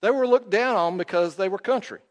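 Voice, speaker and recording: A man preaching a sermon, telling the story dramatically and swinging from loud to quiet. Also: sits high, brisk. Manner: storytelling, acts out quotes, rises and drops in volume. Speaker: pastor. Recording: long hall reverb.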